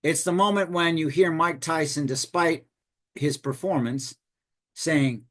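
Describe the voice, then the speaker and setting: A man teaching storytelling for tabletop games in a loose, animated, digressive way. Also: a little high, unhurried. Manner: animated, digressive, conversational explaining. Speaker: game master teaching storytelling. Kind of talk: informal lesson.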